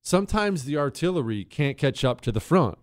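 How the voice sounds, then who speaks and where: Animated male talk radio host. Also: on the high side, no echo, clean studio sound. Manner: animated, emphatic, quick asides and put-on quoted voices.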